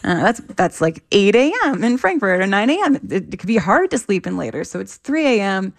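Woman researcher with a bit of vocal fry, explaining stuff keenly in plain words. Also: medium pitch, very animated, fairly quick. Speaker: researcher guest. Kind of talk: explanatory interview answers.

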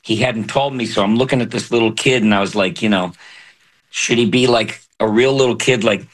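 A man who is a voice actor, speaking earnestly and haltingly as a guest in an interview. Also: lowish voice. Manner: halting, earnest, soft-spoken. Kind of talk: candid interview talk.

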